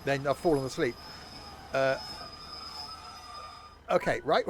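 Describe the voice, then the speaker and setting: A worn-out man rambles through relaxed live-stream commentary, laughing at himself as he goes. His voice sits in an ordinary middle pitch. A faint hum runs underneath. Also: moderate pace. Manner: rambling, self-mocking, chuckling often. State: very tired.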